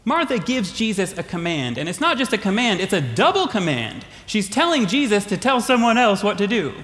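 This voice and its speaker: A male pastor preaching a sermon, retelling a story with animated, repetitive phrasing. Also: high voice, brisk. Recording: long hall reverb.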